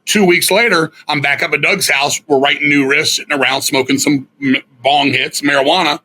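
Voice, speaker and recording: A middle-aged man talks as a podcast guest, spinning a long story full of swearing and restarts. His voice sits a little high for a man. It has a forceful, bright edge. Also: fairly even intonation, brisk, a little hiss or hum. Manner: profane, rambling, self-correcting storyteller. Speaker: guest musician. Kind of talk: candid storytelling interview.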